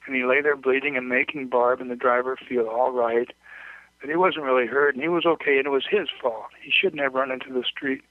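A man narrating a short story aloud in a measured, plain reading voice with occasional slips. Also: medium pitch, steady tone, no echo. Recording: dry, tinny phone-like recording.

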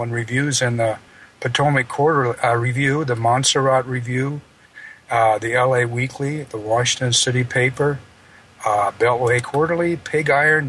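A man hosting a live radio show, introducing a guest in a halting, rambling way. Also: mid-range voice, a bit bright, a little hiss or hum, low-quality recording. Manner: halting, rambling, full of fillers and restarts.

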